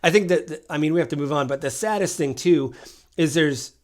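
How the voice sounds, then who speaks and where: Fairly quick and a little high in pitch, this man co-hosts a casual political podcast. His style is storytelling, recounting incidents and performing the quoted exchanges.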